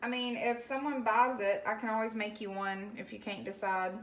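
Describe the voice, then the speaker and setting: A woman's voice: fairly high pitch, steady tone, moderate pace, reverberant. A woman from Alabama with a Southern accent, chatting casually on a livestream as she paints and answers viewer comments in a folksy way. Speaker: craft livestream host.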